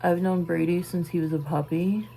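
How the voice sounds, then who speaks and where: Low, gravelly, slow-talking woman. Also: fairly even intonation, poor audio. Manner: halting, trails off, sighs and soft asides; busy with a task while talking. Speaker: vlogger. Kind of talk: casual storytelling.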